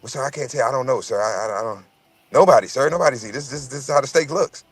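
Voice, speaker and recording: A man's voice: mid-range voice, quick pace, slightly rough, no echo, distant mic, voice pushed down, lightly acted. A man doing a stammering, nervous waiter. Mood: apologetic. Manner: stammering, deferential. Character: nervous male restaurant waiter, apologetic.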